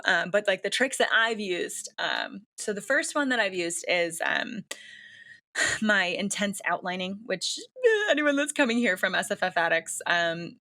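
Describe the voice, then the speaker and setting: A woman guest talks casually about her writing, chatty and self-deprecating, dotting her speech with fillers. Her voice is bright and forward, set at a middle pitch. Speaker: author guest. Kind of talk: casual interview chat.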